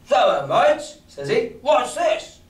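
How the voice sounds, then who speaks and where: A brash pirate cook with a high, shouting voice, as a man puts him on. He sounds like a storybook reading, heard from across an echoey room. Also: very animated, slow, exaggerated voice. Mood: protesting. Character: loud excitable male pirate cook. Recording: echoey room, distant mic.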